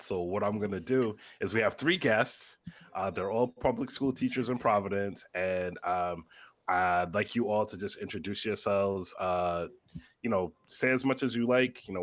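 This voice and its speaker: A man's voice: lowish voice, a bit bright. A man hosting a casual podcast over a video call, laid-back and joking as he leads the talk. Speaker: podcast host.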